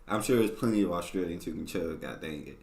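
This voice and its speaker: A man's voice: low voice, lively intonation, fast, creaky, roomy sound. An American man hosting a reaction video, chatting casually in a laid-back, slangy, joking way. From United States. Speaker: reaction channel host.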